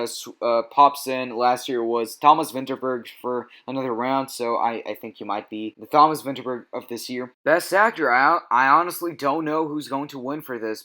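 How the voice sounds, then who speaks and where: A man's voice: mid-range voice, a bit bright. A man casually running through his film award predictions in a vlog, enthusiastic and opinionated, with frequent fillers. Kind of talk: casual ranked-list commentary.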